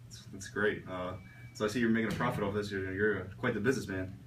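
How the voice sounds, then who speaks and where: A man's voice: fairly low pitch, fairly even intonation, fast, fairly bright tone, a little hiss or hum. A man playing an interviewer in a comedy sketch, firing off questions like a mock reporter. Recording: echoey room, mic far off.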